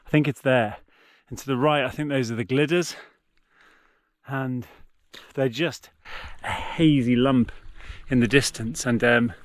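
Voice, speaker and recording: A British man vlogging as he backpacks alone, chatty and full of exclamations, talking now and then to his dog. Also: mid-range voice. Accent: British English. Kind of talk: casual outdoor vlog narration. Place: outdoors on open hillside.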